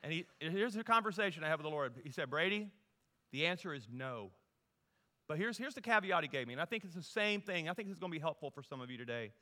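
A middle-aged man from Louisiana, preaching a humorous storytelling sermon that moves from loud to hushed. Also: fairly high pitch, rapid-fire, hardly any pauses. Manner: animated, humorous, folksy, shifts from loud to hushed. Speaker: guest preacher. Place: church sanctuary. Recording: long reverb in a large hall.

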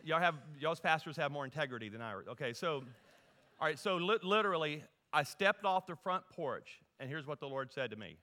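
A middle-aged man from Louisiana, preaching a humorous storytelling sermon that moves from loud to hushed. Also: on the high side, fairly quick. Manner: animated, humorous, folksy, shifts from loud to hushed. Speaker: guest preacher. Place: church sanctuary. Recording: long reverb in a large hall.

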